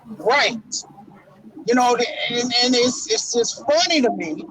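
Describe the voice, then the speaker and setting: A man co-hosting a casual wrestling talk show, talking in an emotional, preacher-like way with dramatic pauses. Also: very high voice, lively intonation, fairly bright tone, breathy edge, no echo, poor audio. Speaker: podcast co-host.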